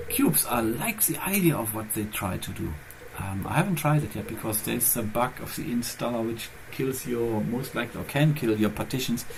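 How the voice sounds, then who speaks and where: A man's voice: medium pitch, gravelly, a little hiss or hum, poor audio. A man hosting his own channel, chatting casually and rambling as he thinks aloud, with phrasing. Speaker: channel host. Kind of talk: casual chat.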